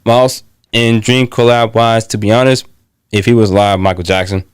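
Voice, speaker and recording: A man's voice: lowish voice, fairly even intonation, clear, resonant tone, dry recording, clean studio sound. A young man guesting on a podcast as a gaming creator, earnest and plain-spoken in casual chat. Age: young adult. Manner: earnest, plain-spoken slang, halting restarts.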